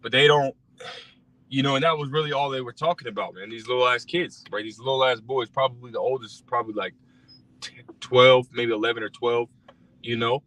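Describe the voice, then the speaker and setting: A rideshare driver rants bluntly and profanely about scripture from his car, full of fillers and repetition, in a casual religious tirade. His mid-range voice is steady, a little fast and fairly bright, recorded dry on a distant mic with faint car noise.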